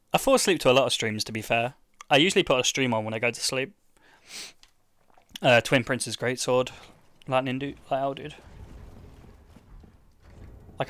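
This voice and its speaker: A man's voice: mid-range voice, fairly bright tone, dry recording. A young man chatting offhand to his stream while gaming, rambling and swearing, full of "like.". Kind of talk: casual livestream chat while gaming.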